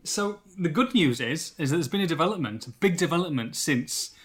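Excitable man hosting a football podcast. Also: on the high side, fairly quick. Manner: excitable, upbeat, teasing. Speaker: podcast host. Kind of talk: casual football podcast chat.

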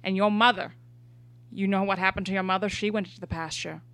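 A woman's voice: mid-range voice, steady tone, fast talker, fairly bright tone, close to an everyday voice. A woman playing a stern old farm father who lectures his child with dramatic warnings in an improvised comedy scene.

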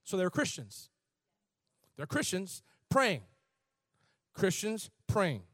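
A man preaching a sermon in an animated, conversational way, shifting from soft asides to shouts. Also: sits high, slow, dry recording, clean studio sound. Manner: conversational, laughs and repeats words. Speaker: pastor.

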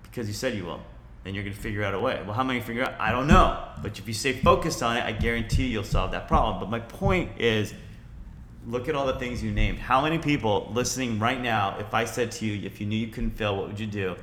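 A man's voice: mid-range voice, fast, fairly bright tone, a little hiss or hum. A man speaks in a blunt, profane, fired-up way, pushing listeners to act. His voice sits in the middle range. It carries a roomy echo around it. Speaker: podcast guest, entrepreneur. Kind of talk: motivational casual chat.

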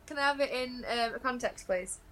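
A woman's voice: fairly high pitch, brisk, fairly bright tone. A woman co-hosting a podcast in casual chat, giggly and often restarting her sentences. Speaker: podcast co-host.

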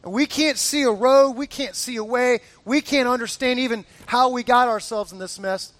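A middle-aged male pastor preaching a sermon, telling a story with lively acted-out quotes. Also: very high voice, normal speed, no echo. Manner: animated, acts out quotes in the story.

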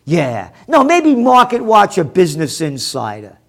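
A man hosting a forecasting show, delivering a combative, profane rant with loud bursts of shouting. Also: sits high, huge pitch swings, measured pace. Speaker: host of a trend forecasting show. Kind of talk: ranting commentary.

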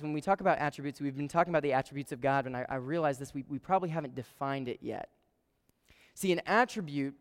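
Addressing a student group as a campus ministry speaker, a man preaches in a clear, resonant voice that echoes through a large hall with long reverb. He tells stories with animation, swinging suddenly from hushed tones to loud surges, and his pitch sits somewhat high for a man.

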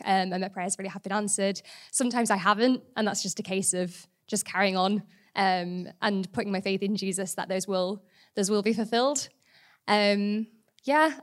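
A woman in her mid-twenties shares how faith plays out at her nursery job. She speaks casually and modestly, with little giggles and plenty of fillers, at a middle pitch. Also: a bit bright. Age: 20s. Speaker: nursery worker sharing testimony. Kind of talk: casual spoken testimony.

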